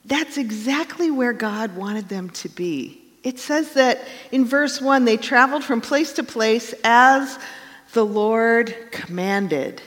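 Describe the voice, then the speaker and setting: A woman's voice: a little high, takes it slowly, fairly bright tone, long reverb tail. A woman pastor giving a conversational sermon and telling stories with acted quotes.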